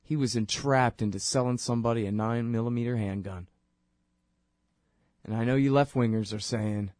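A man's voice: medium pitch, fairly even intonation, normal speed, darkish tone, no echo, clean studio sound. A man hosting a political commentary show, talking in a sarcastic, impassioned way. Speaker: show host.

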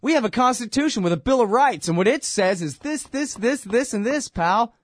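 A man's voice: very high-pitched, lively intonation, moderate pace, no echo, clean studio sound, pitched above the performer's own voice. A man putting on a gleeful older male legal commentator who laughs off objections and lectures on rights. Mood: lecturing.

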